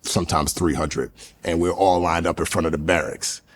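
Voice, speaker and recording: A man with a low, husky voice speaks at a normal pace in a steady tone. He's a podcast guest and former Navy SEAL trainee, casually telling earnest stories packed with fillers.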